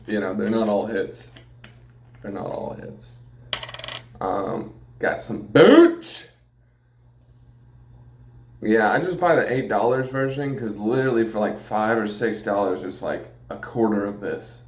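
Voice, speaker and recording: Brief: a low-voiced male podcaster riffing casually and crudely, recorded in an echoey room. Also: normal speed. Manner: rambling, profane, jokey, laughs often. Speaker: podcast host. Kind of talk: casual solo podcast monologue.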